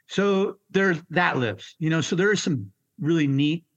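A man's voice: fairly high pitch, lively intonation, unhurried, highs cut off. A middle-aged man, a Marine veteran, telling war stories bluntly in an interview, swearing and acting out the dialogue. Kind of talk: storytelling interview.

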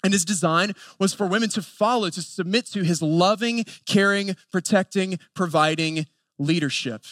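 High-voiced Appalachian male preacher. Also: a bit bright, dry recording. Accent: Appalachian North Carolina. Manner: earnest, building lists with emphatic pauses. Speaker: pastor. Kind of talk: sermon.

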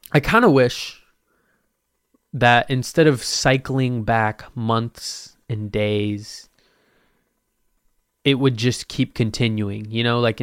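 A young man hosting a casual solo podcast, rambling and joking at his own expense, with sudden loud bursts. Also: medium pitch, vocal fry, no room sound, clean studio sound. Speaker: podcast host.

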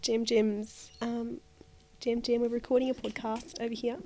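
A woman's voice: on the high side, little pitch movement, moderate pace, dark tone, a little hiss or hum. A woman with a cold-congested voice, a podcast guest chatting with sarcastic, chaotic humor. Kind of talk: casual chat.

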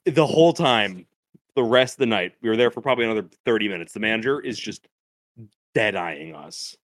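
A man's voice: lowish voice, lively intonation, brisk, fairly bright tone, no room sound. A man co-hosting a podcast, telling a loose, profane story in casual chat and laughing as he goes. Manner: loose, profane, laughs through his stories. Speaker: podcast co-host. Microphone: podcast microphone.

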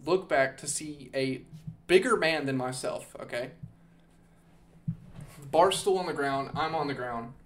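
A man's voice: on the high side, unhurried, long pauses. A man hosting a podcast, casually telling a long story, rambling and swearing, with "okay?" and "dude" thrown in. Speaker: podcast host.

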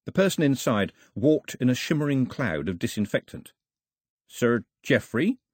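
A man narrates an audiobook with an expressive, story-driven delivery in a mid-range voice at normal speed. The recording is dry and of studio quality.

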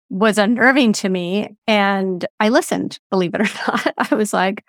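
A woman's voice: mid-range voice, measured pace, few pauses, no room sound, clean studio sound. A woman hosting a podcast interview, speaking in an earnest, reflective way and sharing personal stories. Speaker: podcast host. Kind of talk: conversational interview.

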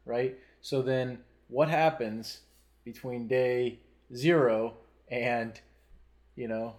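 A man's voice: medium pitch, steady tone, takes it slowly, a little mellow. A man in a podcast chat, musing aloud and asking rhetorical questions. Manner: reflective, asks rhetorical questions. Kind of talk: podcast conversation.

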